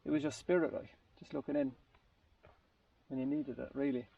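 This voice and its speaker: A man with a gravelly, mellow voice tells a long story in a relaxed group conversation. He rambles and restarts his sentences as he searches for words. He sits well back from the mic, and the recording sounds muffled and lo-fi. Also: mid-range voice, moderate pace, far from the mic. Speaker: group participant. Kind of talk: casual storytelling in a group chat.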